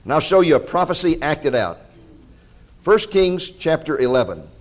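A man preaching a sermon, telling scripture stories in an animated way and acting out the quotes, and directing listeners to passages. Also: fairly high pitch, normal speed. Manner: animated storytelling with dramatized quotes.

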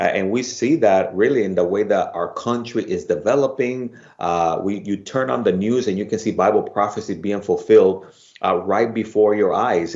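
A man's voice: on the low side, highs cut off. A man with a Bronx Spanish accent hosting a Bible study program, chatting casually with many fillers. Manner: warm, laughs easily, many "uh" fillers.

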